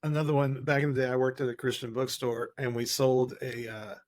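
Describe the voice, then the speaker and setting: A man co-hosting a podcast, questioning the text skeptically and talking in halting restarts. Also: mid-range voice, level tone. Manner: hesitant, skeptical, many restarts and fillers. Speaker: podcast co-host. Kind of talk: casual discussion.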